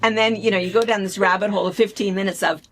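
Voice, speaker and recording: A woman from the United States co-hosting a casual chat show, telling stories in an animated, chatty way. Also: mid-range voice, very fast, background noise. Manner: chatty, animated storytelling with laughs. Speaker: co-host.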